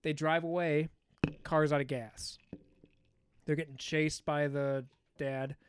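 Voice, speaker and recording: A man's voice: a little high, little pitch movement, takes it slowly, clear, resonant tone. A man co-hosting a podcast, casually recapping a film in a rambling, profane storytelling way. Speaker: podcast co-host. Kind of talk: casual movie recap chat.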